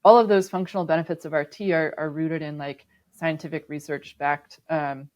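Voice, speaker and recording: Woman, low pitch, interview guest, thoughtful, hesitant with ums. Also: fairly even intonation, normal speed, darkish tone. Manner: thoughtful, many ums and restarts. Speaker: sustainability manager, podcast guest. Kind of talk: conversational interview.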